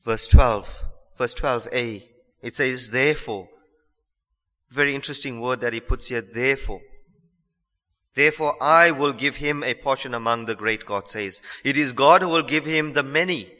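Male preacher, earnest and repetitive, bright tone, reverberant church hall. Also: mid-range voice. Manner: earnest, repeats phrases for emphasis, slows on key lines. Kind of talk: sermon.

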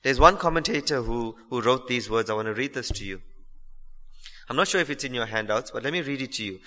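A man's voice: mid-range voice, expressive, fairly quick, sharp tone. A man preaching a sermon in a church, earnest and emphatic, asking the congregation rhetorical questions. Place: church hall. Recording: long hall reverb.

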